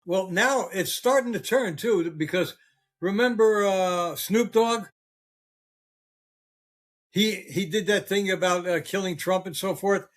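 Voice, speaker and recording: Older male podcast host, high voice, heated, swearing, halting with fillers. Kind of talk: casual political chat.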